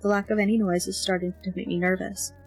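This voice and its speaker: A woman narrates a first-person novel in an expressive, lively audiobook reading. Her voice sits at an ordinary middle pitch. Faint background music runs softly beneath her. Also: fast talker, breathy edge, rough recording.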